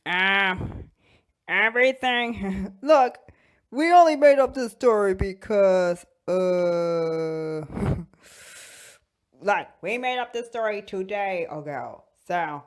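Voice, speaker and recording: A woman hosting a toy channel, chatting casually and comically about fandoms, giggling, sighing dramatically and bursting into shouted bits. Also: mid-range voice, animated, drawn-out words, long pauses. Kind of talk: casual comedic fandom chat.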